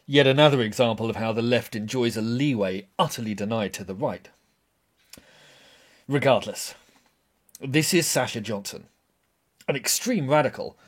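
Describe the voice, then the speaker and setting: A man's voice: mid-range voice, husky. A man narrating scripted commentary in a pointed, critical tone.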